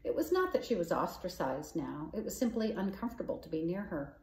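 A woman reads a children's novel aloud, calm and measured. Her voice is low and mellow, and a roomy echo hangs around it. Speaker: storyteller. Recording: echoey room.

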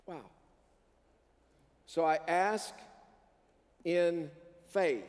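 A high-pitched male pastor preaches with animation and keeps calling on the congregation to answer back. His voice rings through a large sanctuary, trailing a long reverb. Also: normal speed, pauses often. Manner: animated preaching with call-and-response prompts to the congregation. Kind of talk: sermon. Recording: long reverb of a church hall.

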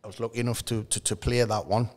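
Geordie man, low relaxed storyteller. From Newcastle, England. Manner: relaxed storytelling, halting restarts, laughs through anecdotes. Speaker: podcast guest, former footballer. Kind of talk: casual interview chat.

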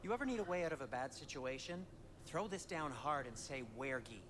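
A fussy dwarf smith. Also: male voice, fairly high pitch, sing-song, brisk. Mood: earnest. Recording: game audio with background noise.

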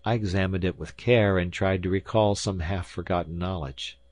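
A man narrating an audiobook in a measured, even reading style at a close studio microphone. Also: low-pitched, dry recording. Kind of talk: scripted narration.

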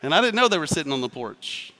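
Man, pastor, sermon, chatty and animated, bright tense voice, echoing church hall. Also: fairly high pitch, fast talker, slight background noise. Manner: conversational, animated preaching with asides and quoted voices. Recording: reverberant hall.

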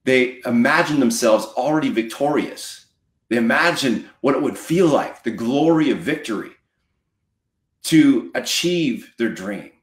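A man's voice: mid-range voice, lively intonation, measured pace, reverberant. A man giving a motivational talk as a coach, emphatic and preachy, repeating lines for effect. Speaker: mortgage marketing coach.

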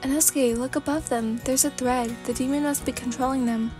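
A woman's voice: high-pitched, steady tone, brisk, music in the background, natural voice. A woman reading a sleepy story aloud, voicing a level-headed young demon-slaying companion who scolds and cares. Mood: urgent. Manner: sensible, scolding, gently caring.

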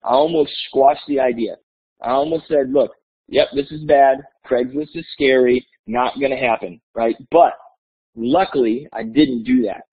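A male teacher telling a classroom story to other educators in a webinar, energetic and enthusiastic, acting out the voices in his story. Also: mid-range voice, a little slow, husky. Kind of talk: animated storytelling presentation. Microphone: webinar call mic. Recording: tinny phone-like webinar audio.

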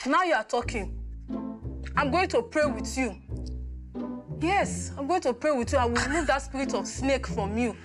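A woman's voice: high-pitched, normal speed, long pauses, music in the background, natural voice. An actress playing an overbearing, preachy female visa officer who sermonizes applicants, with a Nigerian accent.

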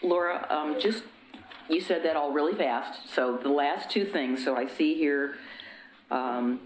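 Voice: medium pitch, unhurried, slight background noise. A city commissioner asking probing questions at a public meeting. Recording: echoey council chamber.

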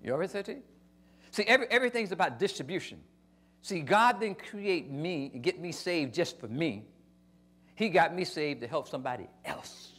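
Preaching a sermon, this older pastor has a fairly high, animated voice with a breathy edge, moving at normal speed. His quiet stories give way to loud, emphatic outbursts, all in a relaxed, folksy style.

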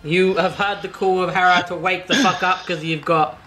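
A woman's voice: fairly low pitch, steady tone, normal speed, fairly bright tone. A woman running a tabletop game as game master, chatty and swearing casually. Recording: background music.

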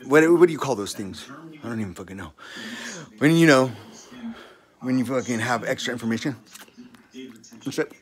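A man's voice: mid-range voice, a bit bright. A man ranting in a casual monologue, profane and heated, rambling and tacking "dude" onto his sentences. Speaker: podcast talker.

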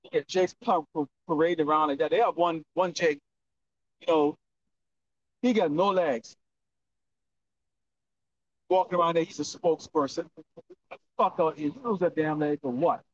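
A man preaching on the street in a loud, profane, scolding manner. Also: on the high side, normal speed, long pauses. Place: outdoors, windy street corner. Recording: distant lo-fi outdoor recording.

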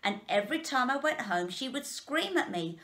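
A woman reading aloud as a boastful rich father who owns a peanut factory, telling his tale in a lively, bragging way. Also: sits high, normal speed, pitched above the performer's own voice.

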